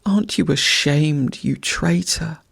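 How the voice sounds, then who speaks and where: A reader voicing a wounded male fox, proud and bitter, who pleads softly and then hisses with contempt, read as a bedtime story. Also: mid-range voice, fairly even intonation, takes it slowly, creaky, breathy edge, heavily acted. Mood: contemptuous.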